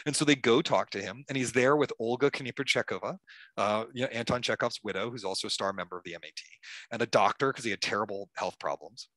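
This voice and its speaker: A man being interviewed as an author, telling history in a lively conversational way with many fillers and restarts. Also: fairly low pitch, quick pace, no room sound. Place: stage talk at a club event.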